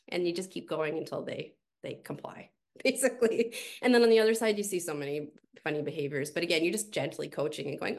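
A middle-aged woman, a team coach, talking as a guest in a podcast interview, telling stories in an animated way with casual fillers. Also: deep voice, quick pace, vocal fry.

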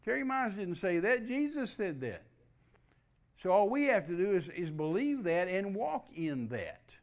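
A man's voice: high voice, big pitch swings, a little slow. A man preaching a sermon, emphatic and repetitive, spelling out key words letter by letter.

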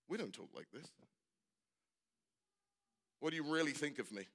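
A man's voice: mid-range voice, animated, moderate pace, long pauses, a bit bright. A man preaching a sermon, building with rhetorical questions and repeated refrains. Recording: long hall reverb.

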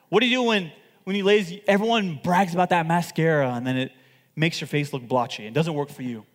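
A man preaching a sermon to his church, swinging between loud outbursts and hushed asides and acting out the people he quotes. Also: high-pitched, in a large hall. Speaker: pastor.

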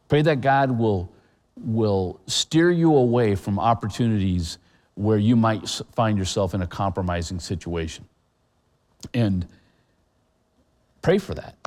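Earnest pastor in a reverberant hall. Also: male voice, medium pitch. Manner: conversational and earnest, with many fillers and restarts. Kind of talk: sermon.

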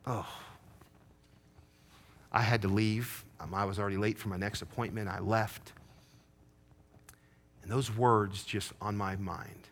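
A middle-aged man preaching a sermon, telling a personal story, moving from hushed confession to rising fervor. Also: lowish voice, steady tone, unhurried, long pauses. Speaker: pastor.

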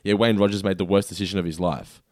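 A man's voice: deep voice, steady tone, fast, a little mellow, no echo, clean studio sound. A man co-hosting a podcast, teasing his partner and swearing casually. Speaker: podcast co-host.

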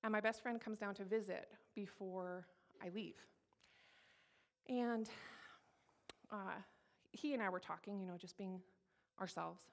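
A woman's voice: mid-range voice, fairly even intonation, unhurried, long pauses. A woman in her thirties from Colorado, giving a candid, emphatic personal testimony to an audience and repeating her key phrases. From Colorado, USA. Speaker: speaker sharing her testimony.

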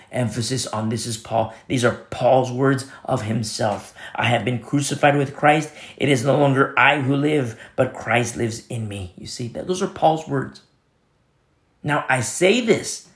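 A man preaching a sermon as pastor, earnest and repetitive, often dropping to a soft hush. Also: medium pitch, echoey room.

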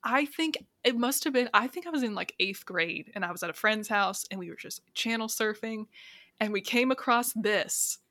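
Woman co-host, chatty storyteller, bright and dry. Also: fairly high pitch, normal speed, no echo. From raised Catholic. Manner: chatty, storytelling with lots of fillers. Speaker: podcast co-host. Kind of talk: casual film discussion.

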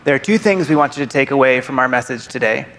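A married man shares his testimony from a church stage in a steady, friendly mid-range voice. His words carry the long echo of a large sanctuary. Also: medium pitch, fast. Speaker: guest speaker sharing his testimony. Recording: long reverb of a large hall.

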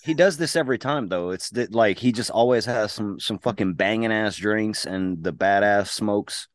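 A man's voice: on the low side, normal speed. A man co-hosting a podcast, joining in with profane, teasing banter. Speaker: podcast co-host. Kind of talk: casual chat.

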